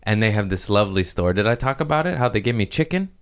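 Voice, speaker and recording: A man with a very low, deep voice hosts a loose comedy podcast. He rambles and curses freely, jumping from one riff to the next in an animated way. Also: quick pace, smooth. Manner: rambling, profane, animated riffing. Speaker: podcast host. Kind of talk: casual comedic podcast chat.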